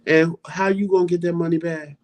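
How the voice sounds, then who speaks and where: A man's voice: a little high, steady tone, brisk, lightly acted. Give me a firm no-nonsense mother, quoted by a man in a casual story. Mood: stern. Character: stern, practical mother, woman, middle-aged.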